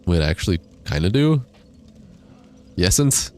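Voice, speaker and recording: A young game streamer with a deep, sing-song voice and an unhurried pace chats slangily with his viewers while playing, hiccuping all the while. He reads the chat aloud and answers it. Loud game noise, explosions, and artillery fire sound behind his voice.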